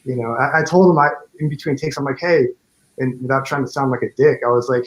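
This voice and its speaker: A man's voice: mid-range voice, fast talker, poor audio. A man, a fan film director, chatting casually in an interview, rambling with many fillers and restarts.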